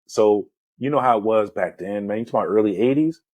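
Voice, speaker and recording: A man in his forties, a podcast host, retelling a film in a loose, animated way, full of "man" and "you know". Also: lowish voice, quick pace, no echo. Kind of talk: casual movie discussion.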